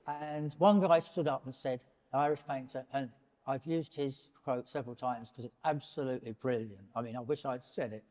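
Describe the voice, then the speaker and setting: An older man in his seventies, a painter speaking to an audience in a public talk, animated and digressive and often breaking off mid-sentence. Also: medium pitch, moderate pace. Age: 70s. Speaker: painter and prize winner, interviewee. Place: large gallery hall, in front of an audience. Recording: long hall reverb in a gallery.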